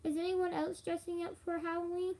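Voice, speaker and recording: Tired high-voiced young woman streaming live. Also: little pitch movement, fairly quick, mellow. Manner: rambling, with frequent fillers and laughs. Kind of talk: casual live stream chat.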